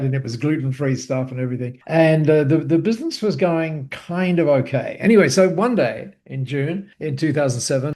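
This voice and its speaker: A man who is a guest, telling a story in a lively conversational way, laughing often and using many fillers. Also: medium pitch. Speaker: guest, business co-founder. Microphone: call.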